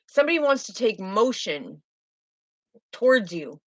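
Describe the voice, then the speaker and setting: A woman's voice: on the high side, sing-song, a little slow, no room sound, low-quality recording. A woman giving a spiritual tarot reading in a fervent, emotive way, often repeating herself. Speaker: tarot reader.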